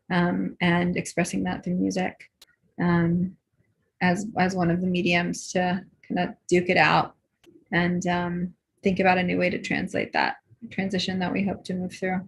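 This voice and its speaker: Gravelly, husky woman hosting a video call. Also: lowish voice. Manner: enthusiastic, many fillers. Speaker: host. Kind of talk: live online event hosting.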